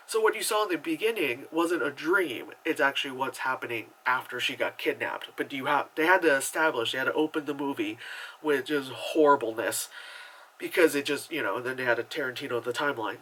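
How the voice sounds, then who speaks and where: Bright, rambling casual man. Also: mid-range voice, rough recording. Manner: animated and rambling, full of fillers and asides. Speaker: movie reviewer. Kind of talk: casual chat.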